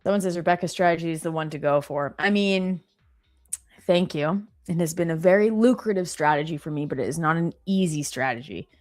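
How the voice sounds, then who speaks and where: Broadcasting live from an office, a woman chats casually and reads viewer comments aloud, reacting with quick, animated exclamations. Her voice is low, and soft music plays in the background.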